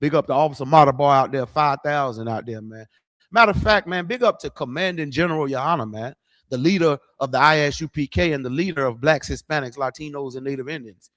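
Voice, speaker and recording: A man's voice: on the high side, fast, fairly bright tone. A middle-aged man preaching, blunt, profane and conversational, livestreaming to viewers. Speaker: street preacher.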